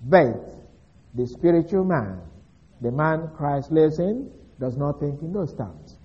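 A man's voice: on the high side, expressive, takes it slowly. A man giving a methodical, explanatory Bible teaching, working through a passage step by step. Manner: methodical, explanatory, with occasional restarts. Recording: dull lo-fi recording.

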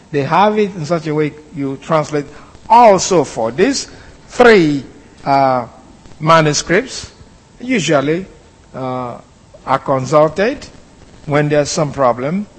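A man giving a deliberate, explanatory Bible lesson, pausing often as he works through the text. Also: a little high, long reverb tail. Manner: deliberate, explanatory, with pauses and fillers. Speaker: Bible teacher. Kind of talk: slow expository Bible lesson.

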